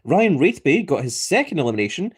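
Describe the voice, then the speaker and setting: This livestream host reads chat messages out loud and calls a giveaway like a playful wrestling announcer. His fairly high, slightly rough voice is very animated and brisk.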